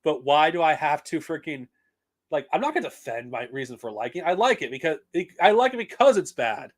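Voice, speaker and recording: A man's voice: a little high, sing-song, a little fast. A man talking casually on a live stream, blunt and profane, rambling with frequent restarts. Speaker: streamer reviewing comics and films.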